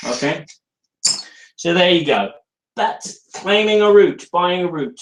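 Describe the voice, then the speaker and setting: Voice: mid-range voice, lively intonation, takes it slowly, pauses often, reverberant. A speaker, hosting a casual live board game review and joking with viewers while demonstrating. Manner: chatty and jokey, talking to viewers while demonstrating.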